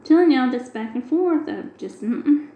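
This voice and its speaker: A woman's voice: high voice, animated, normal speed, echoey room, phone-quality sound, slight background noise. A middle-aged woman, chatting casually and retelling a long everyday story with quoted dialogue. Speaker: craft video host. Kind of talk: casual chat while diamond painting.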